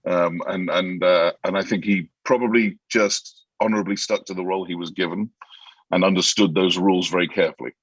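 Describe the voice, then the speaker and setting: Husky lowish guy, actor telling stories in an interview, bouncy and animated, dry close sound. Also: brisk, dry recording, poor audio. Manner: animated anecdotes, many restarts, acts out quotes. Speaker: actor guest. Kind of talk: casual interview storytelling.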